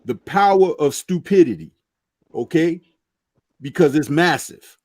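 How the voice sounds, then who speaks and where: A man's voice: on the high side, lively intonation, unhurried, darkish tone, no room sound. A man on a boxing talk panel speaking earnestly and preachily, driving his points home with "okay" asides. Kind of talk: casual panel chat.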